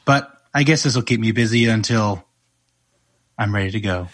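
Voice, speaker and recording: A man voicing a grumpy, sarcastic male doctor detective in a tabletop game, with a quick, dismissive delivery. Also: on the low side, pitched below the performer's own voice, natural voice.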